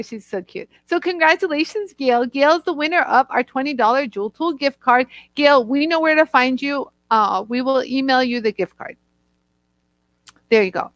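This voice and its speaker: A woman hosting a live product show, chatting warmly and talking straight to viewers in the chat. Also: high voice, no echo.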